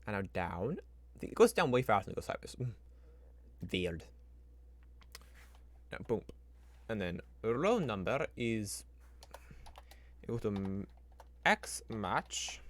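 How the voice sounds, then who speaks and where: Here the man's voice sits fairly low, and he's very animated yet a little slow, pausing often. He's live-streaming his spreadsheet work, musing aloud in a relaxed, meandering style, talking to the computer and adding homemade sound effects, with typing and clicking audible behind him.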